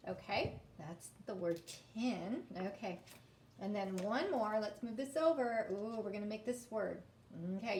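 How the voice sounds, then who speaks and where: A woman's voice: fairly high pitch, darkish tone, reverberant, slight background noise. A woman teacher reading to young children and sounding out letters in a sing-song phonics lesson.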